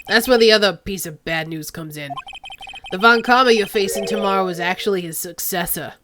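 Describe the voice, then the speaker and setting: A woman voicing a gruff, blunt male police detective in a video game, delivering his lines in a folksy way. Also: mid-range voice, brisk, noisy background, lightly acted. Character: gruff male police detective who calls everyone pal.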